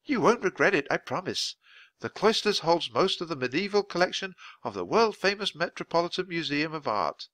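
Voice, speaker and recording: A man voicing a friendly, grey-haired museum lady in a children's book reading, talking brightly and gushingly. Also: a little high, sing-song, a little fast, no room sound, pitched above the performer's own voice.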